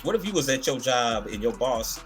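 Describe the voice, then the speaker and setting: A man's voice: medium pitch, brisk, soft background music. A man hosting a casual comedy podcast, retelling a story with lots of fillers and restarts. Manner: animated, rambling storytelling with many fillers. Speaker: podcast host.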